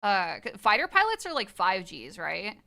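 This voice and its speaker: A young adult woman streaming live, chatting casually with her viewers, excitable, laughing often and swearing freely. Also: mid-range voice, moderate pace, vocal fry.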